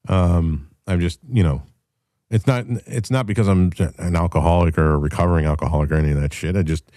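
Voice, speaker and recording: A man's voice: deep voice, fairly quick, dark tone, no echo, clean studio sound. A man hosting a casual call-in chat, telling stories in a blunt, profane way. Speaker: show host.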